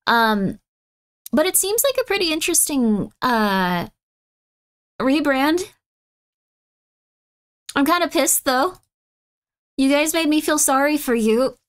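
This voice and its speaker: A woman streamer chatting casually with her live chat, excitable and mock-outraged, swinging between loud bursts and muttered asides. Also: sits high, takes it slowly, long pauses.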